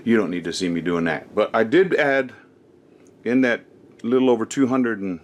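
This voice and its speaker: As he works on a casual craft how-to, the host speaks at a normal pace in a lowish voice, chatting and rambling with frequent ums and uhs. His movements shift his distance from the camera mic, and a little hiss or hum can be heard.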